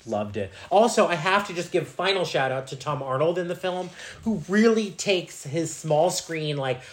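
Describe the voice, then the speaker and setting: A man co-hosting a podcast, talking through an old action movie in a loose, animated way. He swears freely and acts out quotes from the film. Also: a little high, moderate pace. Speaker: podcast co-host. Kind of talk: casual movie chat.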